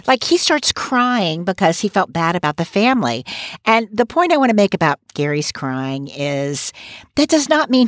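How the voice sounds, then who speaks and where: A woman's voice: fairly low pitch, no echo, clean studio sound. A woman co-hosting a podcast, chatting casually and giving emphatic, opinionated takes with frequent asides. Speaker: podcast co-host. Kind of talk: casual recap chat.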